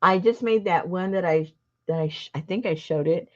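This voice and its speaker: A woman's voice: lowish voice, moderate pace, muffled recording. A woman hosting a casual crafting livestream, chatting in a rambling, self-interrupting way. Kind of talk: casual chat while crafting.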